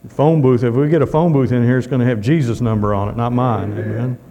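A man's voice: mid-range voice, steady tone, fast, warm tone. A man preaching a sermon in a folksy way, calling out amen often.

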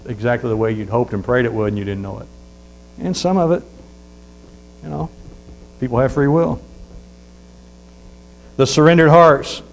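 A man's voice: mid-range voice, creaky, darkish tone, rough recording. A man preaching a sermon in a folksy storytelling way, reading scripture aloud and dropping in amens. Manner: reads scripture aloud slowly.

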